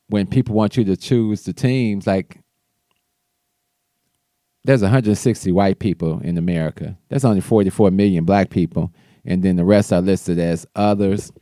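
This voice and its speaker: Man, low dark voice, loose political commentary, dry close sound. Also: dry recording. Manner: loose, conversational, with restarts. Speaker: show host.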